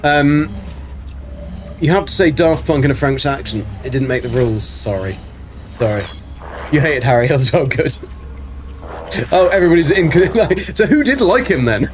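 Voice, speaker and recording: A man's voice: a little high, expressive, moderate pace, pauses often, slight background noise. A man chatting casually on a game live stream, rambling with many ums while reading chat aloud.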